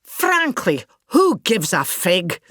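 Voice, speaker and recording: A pompous older Scottish actress. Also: female voice, mid-range voice, huge pitch swings, slow pace, fairly bright tone, no room sound, studio quality, exaggerated voice. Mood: grand. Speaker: comic monologue narrator. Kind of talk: scripted comic monologue.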